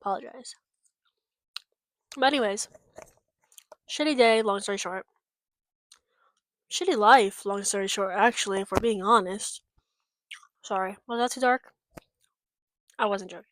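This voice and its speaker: A woman's voice: mid-range voice, moderate pace, long pauses, no room sound. A young woman from the United States chatting casually in a vlog, rambling and frank, swearing often with lots of fillers. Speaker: vlogger. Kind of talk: casual chat.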